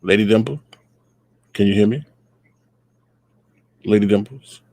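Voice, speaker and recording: A man's voice: lowish voice, unhurried, a little mellow, no echo. A man hosting a casual livestream, greeting viewers by name in a loose, playful way. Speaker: livestream host.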